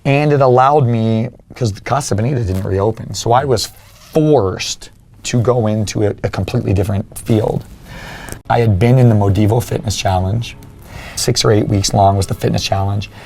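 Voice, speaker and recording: Earnest low-voiced man telling his story. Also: moderate pace, creaky, darkish tone. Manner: earnest, acts out remembered dialogue. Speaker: podcast guest, fitness coach. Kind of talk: personal storytelling in an interview.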